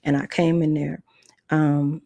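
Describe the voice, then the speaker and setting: A woman's voice: sits low, little pitch movement, slow pace, creaky, mellow, no room sound. A woman podcast host telling a personal testimony in an earnest, conversational way. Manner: earnest, conversational, retelling with quoted dialogue.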